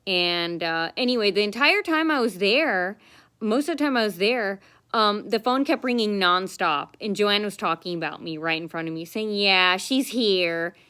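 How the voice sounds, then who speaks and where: A woman's voice: medium pitch, normal speed, bright, forceful tone, clear, resonant tone. A woman telling a long personal story to the camera in a casual, rambling, aggrieved way, full of fillers and restarts. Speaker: vlogger.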